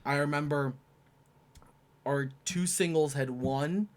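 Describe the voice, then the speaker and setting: A young man co-hosting a podcast, chatting casually and telling lively stories, acting out shouted quotes. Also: fairly high pitch, slow pace. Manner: animated storyteller, acts out quotes loudly. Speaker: podcast co-host. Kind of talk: casual chat.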